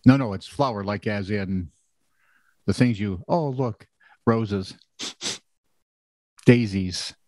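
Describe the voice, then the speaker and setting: A man's voice: lowish voice, takes it slowly, long pauses, a little mellow, dry recording. A man co-hosting a casual comedic news podcast, reading odd stories and adding sarcastic jokes. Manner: wry, sarcastic joking. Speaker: podcast co-host.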